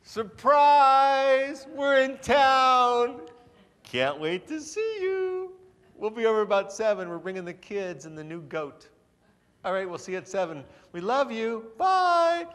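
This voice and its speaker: A man putting on the voice of an overly cheerful, uninvited relative leaving a phone message, loud and gushing in falsetto. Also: very animated, slow, full character voice. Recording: reverberant hall.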